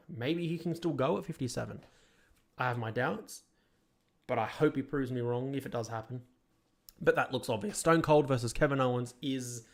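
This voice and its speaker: Opinionated man giving casual commentary. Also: mid-range voice. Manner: opinionated and critical, rambling with restarts. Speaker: podcast host.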